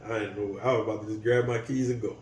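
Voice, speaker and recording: A man's voice: lowish voice, steady tone, very fast, reverberant, distant mic, background noise. A man co-hosting a couple's channel, telling a family story in a casual way and chuckling as he goes.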